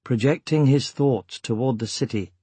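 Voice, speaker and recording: A man reading a fantasy audiobook in a steady, measured way. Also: mid-range voice, husky, no room sound. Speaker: audiobook narrator. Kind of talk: scripted fantasy narration.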